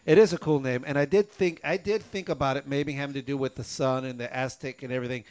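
A man co-hosting a casual radio show, playful and quick to laugh. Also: medium pitch, steady tone, darkish tone, smooth. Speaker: radio co-host.

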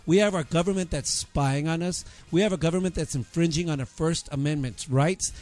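A man's voice: on the high side, brisk, darkish tone. A man hosting a political talk radio show, ranting heatedly with many fillers.

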